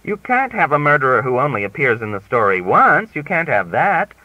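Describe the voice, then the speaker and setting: A man's voice: medium pitch, sing-song, brisk, dry recording, pitched above the performer's own voice. A man voicing an opinionated American woman who speaks in an emphatic, know-it-all way, in a dry, slightly dull audiobook recording. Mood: objecting. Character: opinionated, insistent American woman mystery fan.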